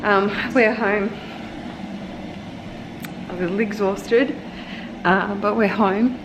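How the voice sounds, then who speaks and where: A woman's voice: mid-range voice, fairly even intonation, slow. A young woman and mother, chatting casually and playfully in a vlog. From Australia. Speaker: vlogger and mother. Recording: busy crowd noise and music behind. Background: crowd chatter and music.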